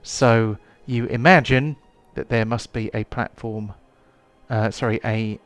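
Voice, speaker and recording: A man's voice: medium pitch, fairly even intonation, a little slow, no room sound, faint music behind. A man running a tabletop game as game master, hesitant, with many ums and restarts.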